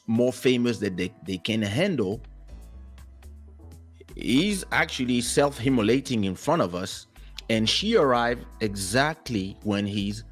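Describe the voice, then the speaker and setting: A man telling a story in a casual talk-show chat, animated and acting out the people he quotes. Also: mid-range voice. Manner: animated, acts out quotes, laughs as he tells.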